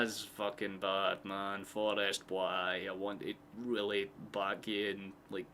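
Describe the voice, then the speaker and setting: A man with a Scottish accent giving casual, excitable live football commentary, swearing freely and drifting into chatty asides. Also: deep voice, normal speed, hardly any pauses, slight background noise. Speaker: streamer hosting a match watchalong.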